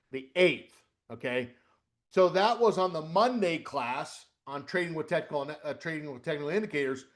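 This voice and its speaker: Middle-aged male webinar coach, high-pitched, lively, walks through a screen while quizzing the audience. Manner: animated, repeats "okay?" and asks questions out loud. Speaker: trading coach. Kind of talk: live webinar instruction.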